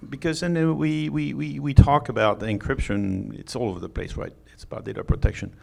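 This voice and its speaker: French-accented middle-aged male presenter, gravelly tone, chatty and joking. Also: medium pitch, level tone, fairly quick, darkish tone. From France. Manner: joking, chatty, with many fillers and restarts. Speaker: conference speaker. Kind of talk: conference talk. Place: conference hall.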